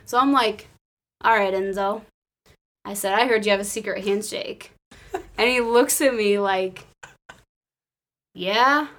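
Woman from illinois, chatty and excitable, does little voices for everyone in her story. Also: mid-range voice, normal speed, long pauses. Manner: excitable storyteller, acts out quotes, laughs often. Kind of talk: casual chat.

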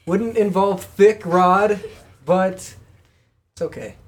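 A woman's voice: medium pitch, slow. A woman playing in a casual tabletop game, dry and sarcastic. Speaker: player.

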